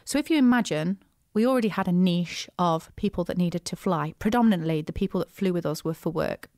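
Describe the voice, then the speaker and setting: A woman hosting a business podcast, chatty and animated, with frequent asides and restarts. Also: lowish voice, brisk, no echo, clean studio sound. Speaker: podcast host, business coach. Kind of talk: casual solo podcast talk.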